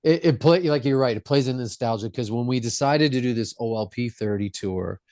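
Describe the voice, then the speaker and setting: A man's voice: medium pitch, fairly quick, mellow, dry recording, studio quality. A man who is a rock singer, the guest on a podcast, telling stories in an earnest, reflective way. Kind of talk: casual interview storytelling.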